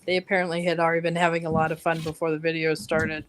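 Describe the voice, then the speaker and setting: A woman chatting casually with a fellow artist on a live stream, telling stories with quick giggly asides. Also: deep voice, level tone, a little hiss or hum. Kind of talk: casual chat.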